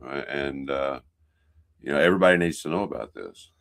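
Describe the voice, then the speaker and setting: A man with a very deep, low voice co-hosts an interview over a video call. He hesitates with many "uh"s before giving blunt opinions. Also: fairly quick, gravelly, a bit bright. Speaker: co-host. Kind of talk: interview hosting.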